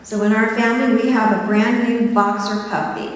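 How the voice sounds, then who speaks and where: An older woman minister preaching an earnest sermon, often checking that her listeners follow along. Her voice sits fairly high and comes from some distance. It rings through a large reverberant hall with faint hiss behind it. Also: little pitch movement, moderate pace. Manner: earnest, asks the congregation for agreement.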